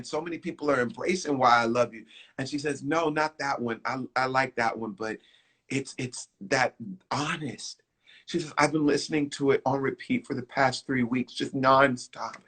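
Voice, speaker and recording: A man from Houston, a singer, telling a lively story in an interview, acting out what people said and breaking into song. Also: mid-range voice, breathy edge. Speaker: guest singer.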